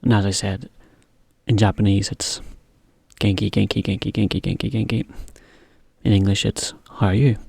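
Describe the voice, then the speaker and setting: A man teaching a slow, careful English lesson for learners, repeating each example phrase. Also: fairly low pitch, level tone, creaky, a little mellow, husky, dry recording.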